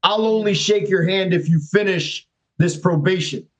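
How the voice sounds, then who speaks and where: Podcast guest: high-pitched man, animated storyteller who acts out the people he quotes. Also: normal speed, low-quality recording. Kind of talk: casual storytelling.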